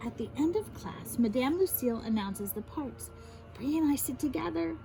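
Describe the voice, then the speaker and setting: A woman reading a children's picture book aloud, her voice swinging widely as she explains each new word. She speaks a little high, and faint music plays underneath her. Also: moderate pace, creaky, low-quality recording. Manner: animated, explains fancy words to children.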